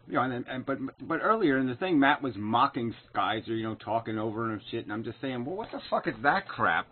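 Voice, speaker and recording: A man recording an angry, profane, sarcastic response video, picking apart another man's claims. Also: on the low side. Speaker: video commentator. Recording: tinny phone-like sound.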